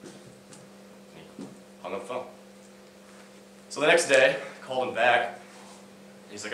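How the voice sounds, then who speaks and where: Speaking on stage, a young adult student tells stories in a casual talk, using many fillers and restarting often. His medium-pitched voice is expressive, slow, pushed and bright, with frequent pauses, and the distant mic catches an echoey hall and slight background noise.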